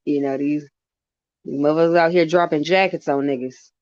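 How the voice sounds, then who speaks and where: A man on a casual stream chat, talking in a halting, rambling way with many restarts and wry jokes. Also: fairly high pitch, fairly even intonation, a little mellow, no echo, dull audio.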